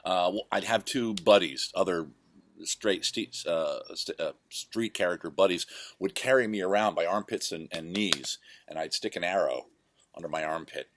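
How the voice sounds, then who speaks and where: A man's voice: low voice, normal speed, a bit bright, a little hiss or hum. A man hosting his own show, casually telling rambling, self-correcting stories from his past. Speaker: host. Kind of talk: casual storytelling monologue.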